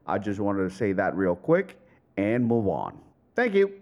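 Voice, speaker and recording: A man's voice: on the low side, huge pitch swings, unhurried, a little mellow, lo-fi sound, voice pushed down, full character voice. A man putting on a stiff, formal voice for a mock public apology. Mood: mock solemn.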